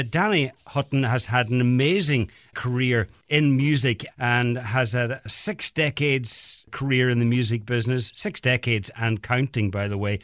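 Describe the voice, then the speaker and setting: A man hosting a radio interview in a measured presenting manner. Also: mid-range voice, a bit bright, no echo, clean studio sound. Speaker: radio host.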